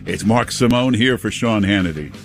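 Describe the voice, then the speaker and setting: A man's voice: lowish voice, moderate pace, loud music behind the voice. A male talk radio host chatting with callers and guests in a sarcastic, mocking way. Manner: sarcastic, mocking, lively delivery. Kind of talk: casual talk radio banter. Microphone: studio microphone.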